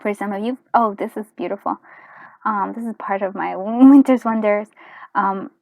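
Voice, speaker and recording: A woman reading tarot cards in a casual chat, with a hoarse, fading voice that keeps clearing its throat, rambling with restarts and dropping into soft half-whispered asides. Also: medium pitch, fairly even intonation, normal speed. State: hoarse, voice going. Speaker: tarot reader. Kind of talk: casual pick-a-card reading.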